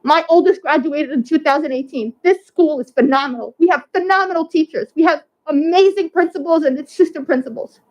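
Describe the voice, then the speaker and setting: A woman's voice: sits high, fairly quick, few pauses, darkish tone, highs cut off. A woman speaking as a parent at public comment, emotional, pleading and insistent, repeating herself for emphasis.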